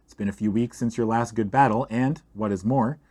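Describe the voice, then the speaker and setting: A man's voice: fairly low pitch, a little fast, husky. Man reading a fantasy adventure aloud. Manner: steady storytelling read-aloud, second person. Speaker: game reader.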